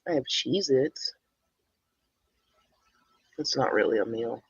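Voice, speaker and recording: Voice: mid-range voice, animated, slow, slightly rough, dry recording, dull audio. A streamer giving casual, rambling reaction commentary, blunt and swearing often.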